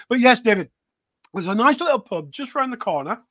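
A man co-hosts a live podcast in a hearty, enthusiastic style, full of pub-talk banter. His voice sits high for a man and sounds very dry and close, with no room sound. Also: big pitch swings, moderate pace, fairly bright tone, husky, no room sound. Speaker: podcast co-host. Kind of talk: casual live podcast chat.

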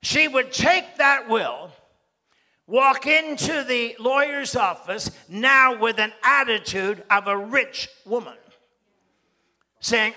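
A man's voice: extremely high pitch, measured pace. A man preaching a sermon, acting out short scenes in different voices. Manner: animated, acts out little scenes with voices. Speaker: pastor.

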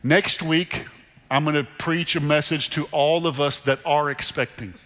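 A middle-aged man preaching a sermon to a church congregation in a conversational, animated way, repeating phrases for emphasis. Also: on the high side, measured pace. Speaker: pastor. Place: church sanctuary. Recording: long reverb of a large hall. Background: congregation in the room.

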